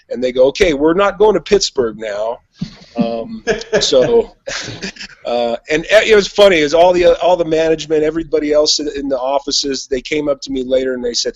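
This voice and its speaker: A man's voice: medium pitch, no echo. Blunt, profane man storyteller. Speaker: podcast host telling a story. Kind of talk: casual storytelling. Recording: dull dry lo-fi sound.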